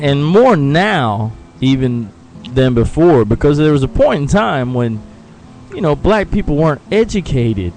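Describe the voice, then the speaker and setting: A man's voice: mid-range voice, darkish tone, rough recording. A man co-hosting a casual talk radio show, speaking in an opinionated way, swearing casually and laughing often.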